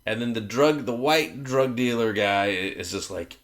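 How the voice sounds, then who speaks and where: A man's voice: medium pitch, normal speed. A man co-hosting a casual comedic movie review chat, profane and jokey, acting out characters in exaggerated voices. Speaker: podcast co-host.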